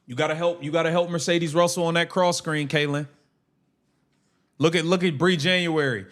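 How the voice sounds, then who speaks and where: A man's voice: high voice, animated, normal speed, fairly bright tone. A man hosting a casual live watch-along stream, calling the plays and ranting in heated slang.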